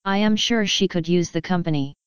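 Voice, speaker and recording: A woman's voice: lowish voice, fairly quick, clean tone, no echo, muffled recording, close to an everyday voice. A woman voicing a polite, diplomatic young warrior sister who speaks in a courteous, formal way.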